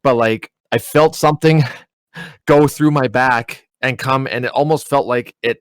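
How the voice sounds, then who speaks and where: A young man, a podcast co-host, telling a story in a casual, animated way, swearing and laughing as he goes. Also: medium pitch, a little slow, smooth, dry recording.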